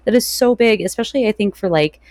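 A woman podcast host responding in a warm, effusive and reflective way. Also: mid-range voice, animated, fast, no echo, clean studio sound. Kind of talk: conversational interview.

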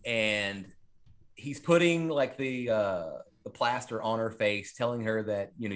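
A man with an ordinary-sounding, somewhat low voice hosts a podcast, talking casually through a horror movie at an unhurried pace. He rambles and swears freely, filling his speech with plenty of "like"s and "um"s.

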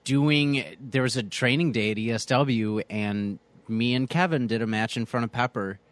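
A man hosting a casual podcast in a studio, chatting in a relaxed, encouraging way with a bit of swearing. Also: mid-range voice, normal speed, no echo. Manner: easygoing, supportive, profane. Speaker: podcast host. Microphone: studio mic.

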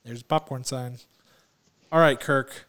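Chatty podcast guy, excited and laughing. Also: medium pitch, measured pace. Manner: excitable, laughs often, peppered with "like". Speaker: podcast co-host. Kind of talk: casual chat. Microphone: remote call.

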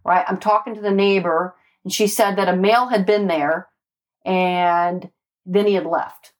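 A woman's voice: on the low side, unhurried. A woman, a homicide detective, telling stories from her street days in a casual, emphatic way, swearing and often asking "right?". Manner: animated, emphatic, swears, peppers speech with "right?" and "like". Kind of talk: casual storytelling in conversation.

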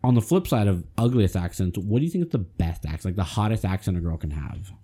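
A man's voice: low voice, animated, fast, mellow, slightly rough. A man co-hosting a podcast, chatting loosely, swearing and laughing often. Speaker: podcast co-host. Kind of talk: casual chat.

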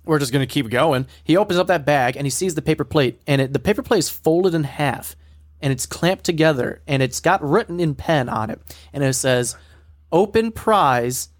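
A man's voice: on the high side, fairly quick, no echo, studio quality. A man co-hosting a podcast, telling a story in a rambling way with lots of fillers. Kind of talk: casual chat.

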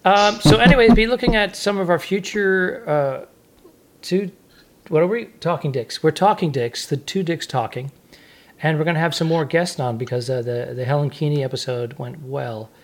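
A man's voice: on the high side, moderate pace. A man co-hosting a casual comedy talk show, joking and riffing with sound effects. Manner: animated, jokey, sound-effect riffs. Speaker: comedian co-host. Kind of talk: casual chat.

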